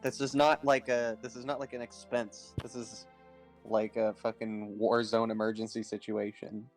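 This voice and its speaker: A man's voice: on the low side, flat delivery, normal speed, faint music behind. A man playing in a tabletop game, chatting bluntly and swearing. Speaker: player. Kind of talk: casual chat.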